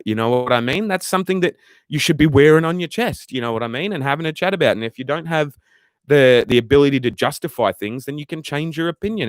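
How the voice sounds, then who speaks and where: A man's voice: medium pitch, no echo, clean studio sound. A man with an Australian accent hosting a casual Q&A, answering viewer questions in a rambling, profane way with frequent restarts. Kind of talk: casual livestream Q&A. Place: room with racing posters on the wall.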